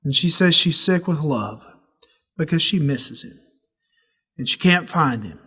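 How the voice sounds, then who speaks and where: High-voiced pastor teaching Bible study. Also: male voice, a little slow, breathy edge. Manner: folksy, animated storytelling.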